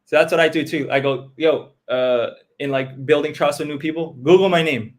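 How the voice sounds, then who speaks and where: A man's voice: a little high, steady tone, moderate pace. A man giving blunt, profane business advice in casual chat, acting out customers' quotes as he goes.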